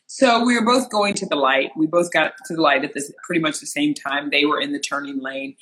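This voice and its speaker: Entertainment interviewer from rural Missouri, animated storyteller, bright and forceful delivery. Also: a little fast, poor audio. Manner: animated, acts out quotes with sharp jumps in pitch. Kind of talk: personal storytelling.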